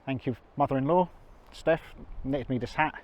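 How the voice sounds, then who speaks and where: A man's voice: mid-range voice, moderate pace, a little mellow, muffled recording. Chatty man vlogging outdoors. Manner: chatty, self-mocking, rambling. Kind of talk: walking vlog to camera. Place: outdoors on a country walk. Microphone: handheld camera.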